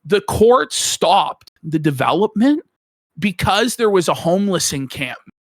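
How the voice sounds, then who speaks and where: A man co-hosting a podcast, riffing crudely and excitably, with bursts of mock-outraged shouting. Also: sits high, unhurried, no room sound, clean studio sound. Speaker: podcast co-host. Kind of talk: crude comedic commentary.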